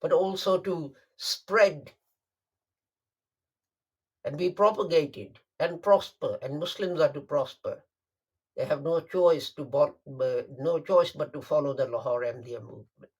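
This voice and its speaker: A man delivering a Friday sermon, emphatic and deliberate, repeating phrases for stress. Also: fairly high pitch, breathy edge. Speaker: preacher.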